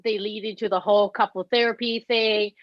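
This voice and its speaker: A woman co-hosting a casual podcast, retelling a show with animated energy, swearing freely and acting out what people said. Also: mid-range voice, brisk, dry recording. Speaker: podcast co-host. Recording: dull lo-fi recording.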